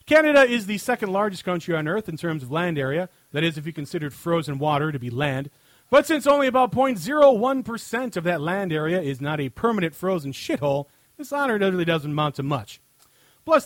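A man's voice: a little high, fairly bright tone, no echo. A man hosting a podcast, reading long comic answers to listener questions in a mocking, over-the-top way and chuckling at his own jokes into a desk microphone. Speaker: podcast host.

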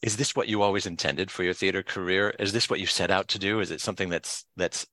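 A man hosting a podcast, asking an actor measured questions about his career. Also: low voice, fairly even intonation, sharp tone, no echo. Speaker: podcast host. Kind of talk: interview questions.

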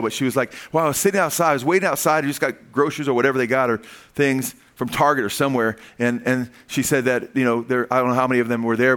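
An older man preaching a sermon as pastor, emphatic, often asking "Amen?" and rising in pitch when he pleads. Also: fairly bright tone.

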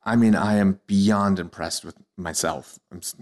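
A man's voice: sits low, fairly even intonation, measured pace, darkish tone. A man, a comedian guest on a podcast, who talks hesitantly, stammering and running himself down. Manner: hesitant, stammering, self-deprecating. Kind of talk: casual podcast chat.

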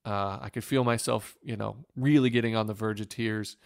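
A man from Northwest Ohio, a former pitcher, telling an earnest and emotional story in an interview. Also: steady tone, normal speed, vocal fry, clean tone, dry recording, studio quality. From Northwest Ohio, USA. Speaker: former professional baseball pitcher, guest.

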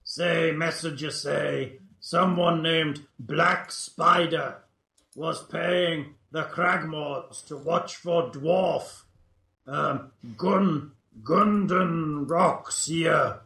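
A man's voice: on the high side, steady tone, drawn-out words, gravelly, pushed and bright, reverberant, heavily acted. A man voicing a male goblin captive who talks in broken, clipped grammar in a tabletop game. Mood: informing.

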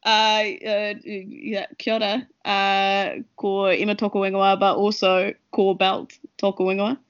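A woman chatting as a guest player on a podcast, playful and quick to laugh. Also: medium pitch, level tone, clear, resonant tone, no echo, muffled recording. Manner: giggly, playful. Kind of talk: casual podcast chat.

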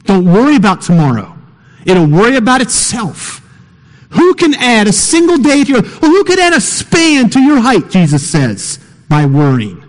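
A middle-aged man preaches with a high, reedy voice that carries through a big sanctuary. His words ring out with a long reverb behind them. He pushes through quick, repeated phrases, then slows to soft, drawn-out emphasis. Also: big pitch swings. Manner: emphatic, repetitive, swings between fast bursts and slow soft stresses. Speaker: pastor. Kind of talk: sermon. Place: church sanctuary. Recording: reverberant hall.

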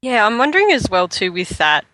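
A man's voice: high voice, wildly swooping pitch, brisk, sharp tone, low-quality recording. A man on a casual podcast chat, musing and asking questions. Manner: inquisitive, musing.

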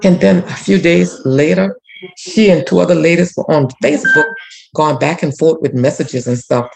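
A woman's voice: deep voice, expressive, moderate pace, vocal fry, noisy background. A woman, a community activist and former teacher, telling a personal story earnestly with many restarts. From Louisiana. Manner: earnest, repetitive restarts, prayerful.

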